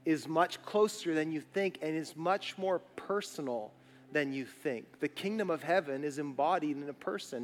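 Male pastor, high-pitched, emphatic repeating preacher; church hall echo, faint music bed. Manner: preaching with rising intensity and emphatic repetition. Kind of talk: sermon. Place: church sanctuary.

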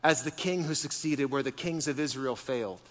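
A man preaching a sermon to a congregation, animated and full of rhetorical questions. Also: mid-range voice, normal speed. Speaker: pastor. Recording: long hall reverb.

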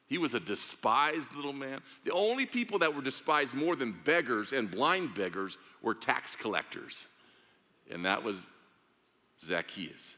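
A man's voice: medium pitch, very animated, measured pace, pushed and bright, long reverb tail. A man preaching a sermon, telling a story with drama and acting out the voices of its characters. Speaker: pastor.

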